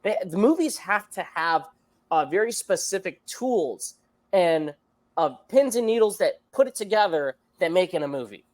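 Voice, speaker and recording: A man's voice: high-pitched, lively intonation, moderate pace, darkish tone. A man co-hosting a movie review podcast, talking in a casual, rambling way with lots of fillers. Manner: rambling, many fillers and restarts. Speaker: podcast co-host.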